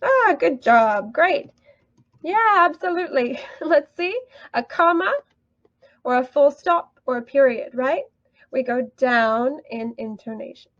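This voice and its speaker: Upbeat high-voiced woman teacher. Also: lively intonation, slow pace, a bit bright, no room sound, muffled recording. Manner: upbeat, encouraging, laughs often. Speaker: English teacher. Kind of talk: online teaching tutorial.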